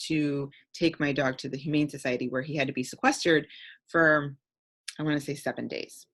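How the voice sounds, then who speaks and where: A woman's voice: low voice, a bit bright. A middle-aged woman from the American Midwest tells a personal story with many fillers, rambling and getting emotional. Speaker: community call participant.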